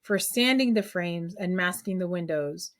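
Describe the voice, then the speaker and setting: A woman's voice: lowish voice, measured pace. Chatty woman teaching a math class. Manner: lively, chatty teacher who talks to the class and checks in often. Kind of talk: classroom lesson.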